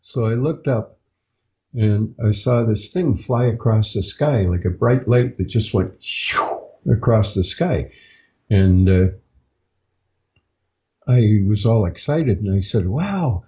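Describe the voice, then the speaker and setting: A man, a podcast guest, telling his own story in a casual, halting way with frequent "uh" fillers. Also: lowish voice, dark tone, muffled recording. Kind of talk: casual first-person storytelling.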